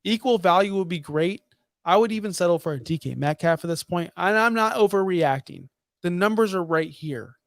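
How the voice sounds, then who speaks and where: Fired-up ranting man, fairly high voice. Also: expressive, normal speed, creaky, no echo. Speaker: podcast co-host. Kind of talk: heated fantasy football talk.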